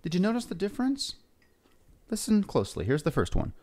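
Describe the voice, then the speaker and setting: A man's voice: high voice, wildly swooping pitch, fairly quick, darkish tone, slight background noise. A male music teacher leading a lesson for young kids, upbeat and coaxing them to repeat words and sing along. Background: faint guitar.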